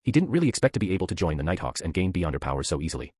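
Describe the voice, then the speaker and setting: A man narrates a novel chapter summary with a very deep, slightly husky voice. He reads quickly, and his pitch rises and falls a lot. The sound is dry and close. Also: big pitch swings, darkish tone, dry recording.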